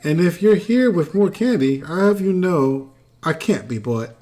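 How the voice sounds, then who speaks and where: A player voicing a young penguin librarian who talks in a mild, friendly, relaxed way. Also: mid-range voice, a little slow, lightly acted. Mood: calm. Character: penguin kid librarian, calm and bookish.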